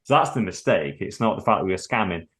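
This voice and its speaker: A man with a low voice chatting on a podcast. He talks bluntly, swears freely and acts out little scenes as he tells his stories. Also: quick pace. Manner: blunt, sweary, animated storytelling. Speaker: podcast co-host. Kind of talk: casual podcast chat.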